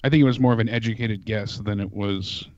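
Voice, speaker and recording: A man's voice: on the low side, steady tone, a little fast, darkish tone, no echo. A man co-hosting a call-in review show, chatting in a laid-back, hesitant way. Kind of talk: casual call-in chat. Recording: slightly dull, dry audio.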